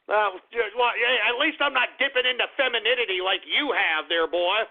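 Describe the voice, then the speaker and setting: Between callers, a radio call-in host vents his exasperation and swears, his high voice carrying vocal fry at a normal pace. The recording has a tinny, phone-like quality, suited to a profane call-in radio rant.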